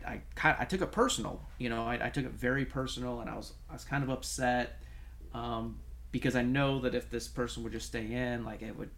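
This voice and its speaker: A man's voice: medium pitch, creaky. A man co-hosting a talk show as a coach, telling stories in casual conversation with lots of restarts and fillers. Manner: animated storytelling with many restarts and fillers. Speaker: podcast co-host, coach.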